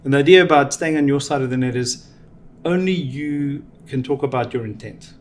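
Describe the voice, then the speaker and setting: A middle-aged man giving reflective, measured answers in an interview, explaining ideas with examples. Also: mid-range voice. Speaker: venture capital guest.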